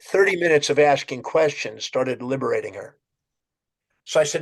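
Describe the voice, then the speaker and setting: A man's voice: mid-range voice, moderate pace. A man telling a story as a podcast guest, acting out a client's words and his own questions. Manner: animated storyteller, quoting a client's answers.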